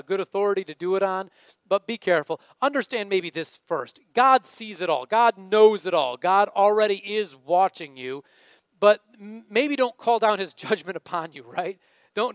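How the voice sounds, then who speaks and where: Male preacher, high-pitched, chatty delivery with questions to the listeners, dry close recording. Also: dry recording. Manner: conversational, asks the congregation questions. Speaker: pastor. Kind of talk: sermon.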